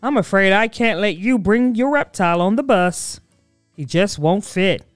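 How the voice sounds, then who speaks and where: Woman voicing a bus driver, low, calm, polite, dry sound. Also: moderate pace, dry recording, faint music behind, lightly acted. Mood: apologetic.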